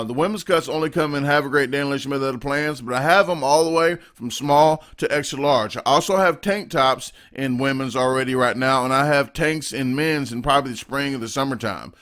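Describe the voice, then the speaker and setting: A man's voice: mid-range voice, fairly bright tone. A man hosting his own channel, talking casually to the camera in a rambling, chatty way and interrupting himself. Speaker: YouTube host, competitive eater. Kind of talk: casual vlog talk to the camera. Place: indoors at home.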